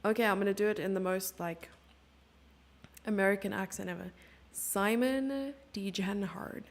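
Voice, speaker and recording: A woman streamer talks through a chess game live, thinking aloud over the moves and teasing herself along the way. Her mid-pitched voice has a gravelly edge. She is from Germany and keeps it casual and chatty. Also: level tone, brisk. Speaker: chess commentator.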